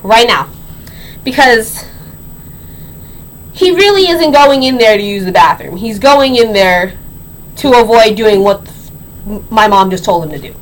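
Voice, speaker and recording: Lively, high-pitched young woman vlogger. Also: unhurried, pauses often, a little hiss or hum, rough recording. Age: young adult. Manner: animated, sassy, slangy storytelling. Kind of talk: casual storytelling vlog.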